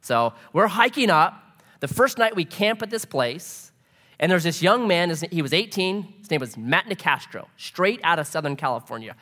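A middle-aged man preaching a sermon in a relaxed, conversational way, mixing humor and personal stories. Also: high-pitched, normal speed. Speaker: pastor. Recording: long hall reverb.

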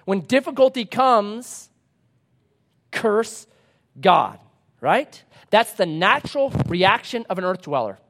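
High-voiced man preaching with dramatic swings. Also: sing-song, normal speed, few pauses. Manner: dramatic storytelling with wide swings from loud to hushed; acts out playful voices for talking objects. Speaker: pastor. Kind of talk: sermon.

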